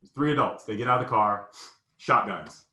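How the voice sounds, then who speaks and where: A man recounting a personal story in an emotional, halting way, often repeating words. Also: on the low side, bright, forceful tone, roomy sound.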